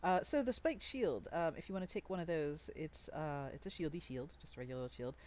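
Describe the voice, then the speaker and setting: This game master talks through rules with a pitch that bounces around a lot, full of jokes and little restarts. The mood is a casual tabletop session among friends. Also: lively intonation, a little fast, darkish tone, a little hiss or hum. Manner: chatty, joking, full of fillers and restarts.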